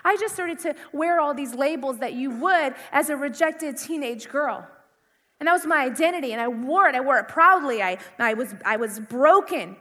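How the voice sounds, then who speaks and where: Very high, bright-voiced woman preaching. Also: expressive, moderate pace, in a large hall. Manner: impassioned, conversational, full of repetition. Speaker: youth preacher. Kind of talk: sermon.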